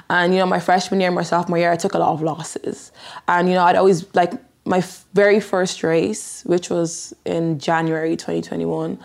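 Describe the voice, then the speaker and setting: Young Dublin-accented woman, twenties, low slightly gravelly voice, chatty interviewee. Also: a little mellow. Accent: Irish, Dublin. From Ireland. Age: 20s. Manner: chatty, lots of "like" fillers. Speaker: athlete interviewee. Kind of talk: casual interview talk.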